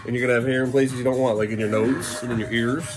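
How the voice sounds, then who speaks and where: A man's voice: medium pitch, steady tone, fast talker, over loud music. A man in his thirties, a father filming a casual family vlog at home, teasing and coaxing his young kids. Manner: playful teasing dad, coaxing and praising kids.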